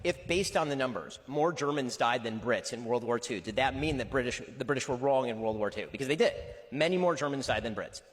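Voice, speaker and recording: A man debating heatedly, listing points in a rapid-fire, insistent rebuttal. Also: mid-range voice, in a large hall.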